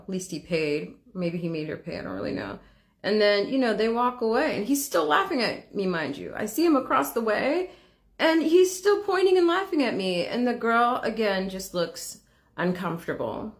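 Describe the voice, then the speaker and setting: A woman speaks at a middle pitch, telling a personal story in a candid, casual way. Her delivery is conversational, with plenty of filler words as she comments on a video. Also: expressive, moderate pace. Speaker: reaction video host.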